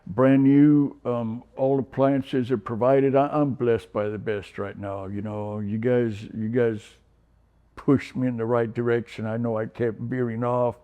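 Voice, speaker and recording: The audio is narrow and tinny as a man in his sixties from San Diego, California, gives a personal testimonial in an interview about life as a recovery program resident. His medium-pitched voice barely moves in pitch, keeps a measured pace, and rambles with many fillers and restarts.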